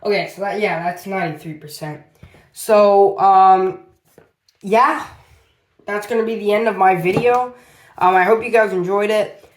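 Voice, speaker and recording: This reviewer's voice sits high and steady, moving at a measured pace with long pauses. In a casual vlog about a power bank, he rambles through his tests and frequently says "as you can see."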